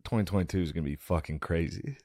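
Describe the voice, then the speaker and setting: A man's voice: sits low, fast, mellow, dry recording, studio quality. A man co-hosting a podcast over a video call, joking and swearing as he talks over the others. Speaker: podcast co-host.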